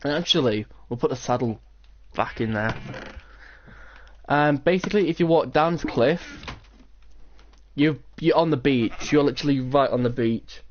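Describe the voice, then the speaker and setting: A teenage boy chats loosely over his gameplay and drifts from story to story, with "like" filling every gap. His voice sits at an ordinary pitch. The recording is dull and lo-fi, with a faint noise underneath. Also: normal speed, a little mellow. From England. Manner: rambling, storytelling with lots of "like". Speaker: gaming channel host. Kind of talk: casual gameplay chat.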